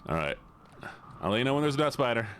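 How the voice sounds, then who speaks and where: A playful male streamer chats casually while he plays, reading viewer messages aloud and answering them. His mid-pitched voice swings widely up and down, and a faint hum sits under it. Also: very animated, fast talker, a bit bright. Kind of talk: casual live-stream chat while playing a game.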